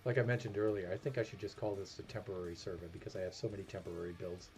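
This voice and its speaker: New England man, low voice, relaxed self-deprecating stream chatter over clear background music. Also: racing. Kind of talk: casual gameplay commentary. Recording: music playing behind.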